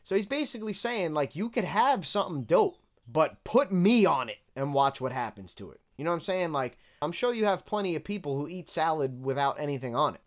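A man casually breaking down rap lyrics bar by bar, candid and relaxed as he counts the rhymes. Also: fairly high pitch, fairly quick, hardly any pauses. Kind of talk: casual analytical commentary.

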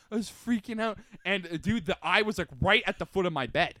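Young guy podcast host, animated storyteller, higher voice, bright and upfront. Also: fairly quick, few pauses, dry recording. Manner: animated storyteller, acts out his own shouts and quotes. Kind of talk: casual chat.

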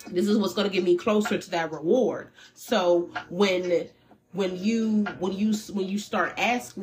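A woman's voice: mid-range voice, moderate pace. Candid woman giving a tarot reading. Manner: animated and candid, with slang and swearing. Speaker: tarot reader. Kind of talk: casual spiritual reading.

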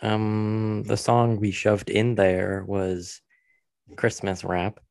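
A man casually chatting about the album's songs, hesitant and relaxed, with many fillers. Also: lowish voice, very slow, vocal fry, no room sound. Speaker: musician co-host discussing the album. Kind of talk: casual chat.

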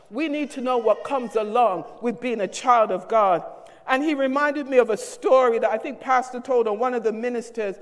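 Fervent woman preaching in a hall. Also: a little high. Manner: fervent preaching with emphatic repetition. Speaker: associate minister. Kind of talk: sermon. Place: church sanctuary. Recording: reverberant hall.

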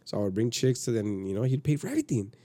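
This man tells a long, rambling story full of swearing and acts out the other people as he goes. His voice sounds warm and relaxed. It is recorded dry and close. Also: medium pitch, racing, dry recording. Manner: profane, rambling, acts out quotes. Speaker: podcast guest. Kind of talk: casual storytelling.

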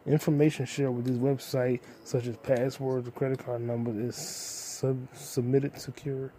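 A young man talking alone into his podcast mic, loose and rambling and full of swearing. His voice is mellow and dark, with a little faint noise underneath. Now and then he breaks into sudden loud, animated outbursts. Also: mid-range voice, a little slow. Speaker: podcast host. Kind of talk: solo casual podcast rant.

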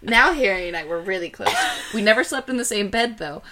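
A woman's voice: medium pitch, expressive, brisk, pushed and bright. A woman podcast co-host reading fan fiction aloud in a dramatic way, often breaking into laughter.

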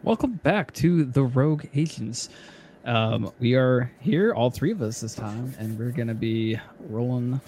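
A man's voice: medium pitch, expressive, measured pace, darkish tone, a little hiss or hum. A man hosting a casual podcast, talking in a loose, chatty way with frequent laughs, fillers and restarts. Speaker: podcast host.

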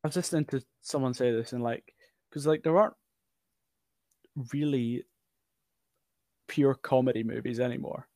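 A man co-hosting a film podcast, speaking at an ordinary middle pitch. He talks in a halting, chatty way, full of restarts and fillers. The sound is dry and close. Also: mellow, no echo. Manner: halting, many restarts and fillers, laughs often. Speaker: podcast co-host. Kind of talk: casual film discussion.

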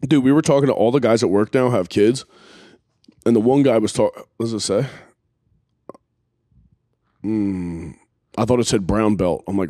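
A man's voice: fairly low pitch, a little mellow, no room sound, studio quality. A man hosting a podcast in casual, profane, rambling chat, blunt and crude. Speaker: podcast host.

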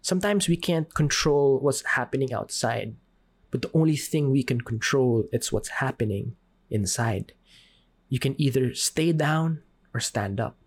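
A man speaks earnestly as a podcast host, urging listeners toward hope and faith. His voice is slightly husky, and he slows down for dramatic pauses on the key lines. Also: mid-range voice, expressive. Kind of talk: inspirational faith talk.

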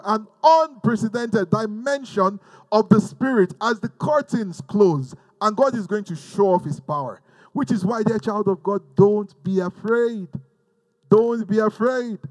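A man's voice: sits high, dry recording, low-quality recording. A man from Africa preaching a teaching sermon, fervent, repeating phrases and leading the listeners in call-and-response.

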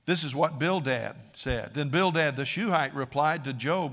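A man's voice: a little high, expressive, moderate pace, few pauses, fairly bright tone. A man preaching a sermon, dramatic and emphatic, acting out quoted speakers with a raised voice. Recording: long reverb of a large hall.

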